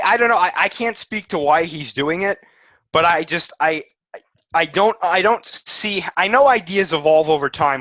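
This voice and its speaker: Man, podcast co-host, casual, animated reasoning, dull lo-fi sound. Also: fairly high pitch, dry recording. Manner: animated, reasoning out loud with restarts. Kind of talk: casual chat. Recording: dull lo-fi audio.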